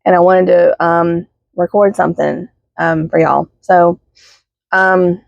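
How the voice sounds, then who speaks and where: A woman's voice: fairly low pitch, little pitch movement, vocal fry, dry recording. Teary woman vlogging from her car. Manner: halting, many fillers and apologies. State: teary, sniffling. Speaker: spiritual healing vlogger. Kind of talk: casual heartfelt vlog. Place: parked car. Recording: dull, dry sound inside a car.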